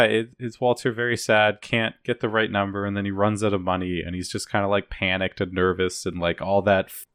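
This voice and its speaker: A man casually recapping a TV episode with a friend, animated and full of "like" and swearing. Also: low voice, no room sound, clean studio sound. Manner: animated retelling with lots of "like", swearing. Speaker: podcast co-host recapping a TV series. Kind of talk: casual chat.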